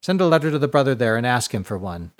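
A man's voice: medium pitch, big pitch swings, quick pace, lightly acted. A man voicing a harsh older head nun in a storybook reading, speaking in clipped growls through his teeth. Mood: stern.

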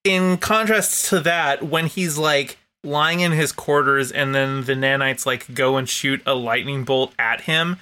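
Bright-voiced man podcast co-host. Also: mid-range voice, fairly even intonation. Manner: halting, many fillers and restarts, playful. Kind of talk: casual chat.

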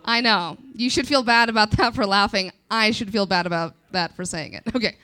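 A woman in her twenties doing a live stand-up set, self-deprecating and crude, with quick asides to the crowd. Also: medium pitch, pushed and bright. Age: 20s. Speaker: stand-up comedian.

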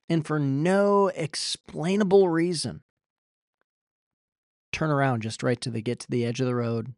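A man's voice: medium pitch, darkish tone, no room sound, studio quality. A young man from Iowa preaching a sermon, earnest and emphatic, his voice rising when he pleads. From Iowa, USA. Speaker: pastor.

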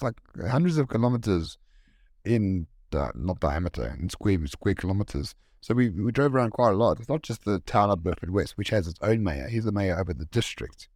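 Enthusiastic man, lowish voice. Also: darkish tone, no echo, studio quality. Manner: enthusiastic, rambling, many "like"s. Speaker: podcast co-host. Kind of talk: casual podcast chat.

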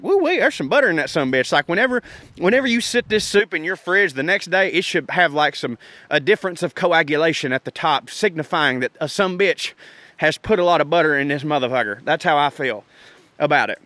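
A podcast host with a fairly high, bright, forceful voice rambles through a recipe in casual cooking talk, folksy, profane, and joking. There's no room sound in the recording.

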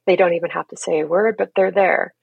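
As a podcast guest, the woman coach talks fast with fairly even intonation, gently and earnestly reflecting, laughing often and peppering her speech with "right?" and "you know." Her lowish voice is gravelly and husky. The audio is close, dry, narrow and tinny, with no room sound.

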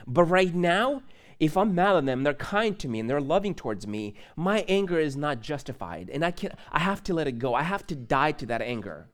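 A man's voice: on the high side, fairly quick. A young man preaching in a church, telling a personal story in a casual, chatty way and asking the congregation questions. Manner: casual, animated storytelling with laughs and asides to the audience. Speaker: pastor. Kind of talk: conversational sermon with personal story.

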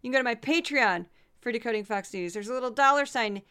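A woman's voice: a little high, quick pace, sharp tone, clear, resonant tone. A tired woman hosting a solo podcast, chatting through statistics with self-deprecating asides. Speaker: podcast host. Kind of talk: casual solo podcast commentary.

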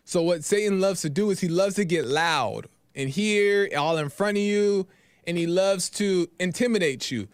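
A man with a high-pitched voice, recorded with no echo, hosts a podcast and tells a personal story. His monologue is loose, casual and repetitive, packed with fillers, asides and "right?".

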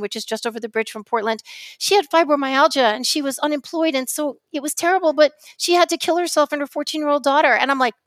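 A woman's voice: sits high, dry recording. A woman with a New York accent, telling stories on a podcast in a rambling, impassioned way. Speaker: podcast co-host, journalist. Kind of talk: casual podcast chat.

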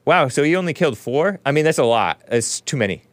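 A man's voice: a little high, lively intonation, fairly quick, dry recording. A man hosting a talk show, commenting sarcastically in a rambling, casual way, often laughing at his own remarks. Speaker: show host.

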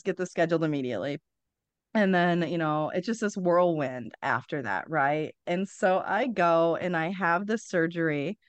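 A woman's voice: lowish voice, clean tone, no echo. A woman in her forties, a podcast guest, telling a candid personal story bluntly, with wry humor and frequent swearing.

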